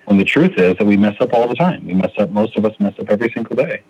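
Deep-voiced man in earnest recovery talk. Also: animated, fast, slightly rough, dry recording, lo-fi sound. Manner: earnest, thinks aloud with many restarts. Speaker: podcast guest sharing recovery. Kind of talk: reflective recovery podcast talk.

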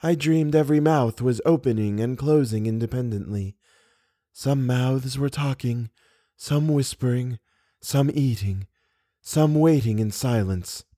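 A man voicing a huge old man with an oddly small, breathy voice, just woken and puzzled. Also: mid-range voice, measured pace, warm tone, no echo, clean studio sound, close to an everyday voice. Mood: bleary.

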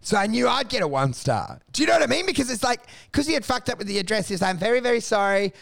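A man with an Australian accent in casual podcast chat, animated and swearing as he acts out his rants. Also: sits high, fast talker, gravelly.

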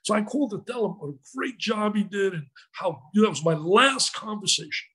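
A man telling a story as an interview guest, in an animated, emotional way. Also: high-pitched, fairly quick, husky, low-quality recording.

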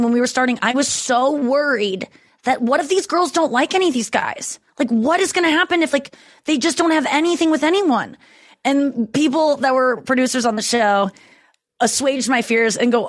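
A woman in her thirties chatting casually as a podcast guest, telling stories in an animated way with quick asides. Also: on the high side, dry recording. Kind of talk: casual chat.

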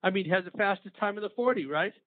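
Male host, chatty anecdote-teller; high voice, thin phone-line sound. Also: fast, no room sound. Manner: chatty, tells his own side anecdote. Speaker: interview host, longtime team media man. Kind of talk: casual interview chat. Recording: dry tinny phone-like sound.

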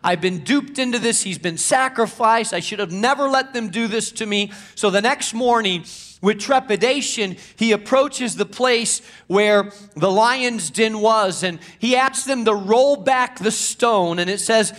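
High-voiced male pastor preaching dramatically. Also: lively intonation, measured pace. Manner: dramatic storytelling, swings from loud to hushed. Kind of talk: sermon.

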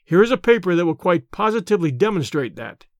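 A man reading an audiobook, voicing a calm, chivalrous jungle-raised gentleman who speaks in a measured, formal way. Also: high voice, no echo, clean studio sound. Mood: earnest.

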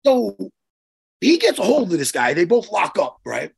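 A man co-hosting a chat show, telling a story in an excitable, profane way with lots of restarts. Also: high-pitched, moderate pace, creaky, slightly rough. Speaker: podcast co-host and martial arts coach. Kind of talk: casual chat, animated storytelling.

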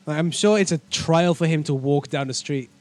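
A man's voice: fairly high pitch, normal speed, darkish tone. A man co-hosting a casual podcast chat, blunt and sarcastic, swearing freely. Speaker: podcast co-host.

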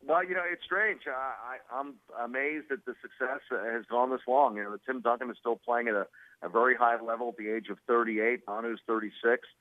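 A male sports broadcaster, a guest on a radio show, chatting quickly over the phone with many fillers and laughs. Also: mid-range voice, fairly even intonation, no room sound. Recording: tinny phone line.

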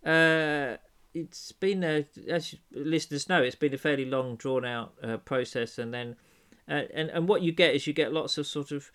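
A man's voice: on the high side, moderate pace, a bit bright, smooth. A tired man hosting a casual podcast chat from an old house, with dry, wry humour and hesitant fillers. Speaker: podcast host.

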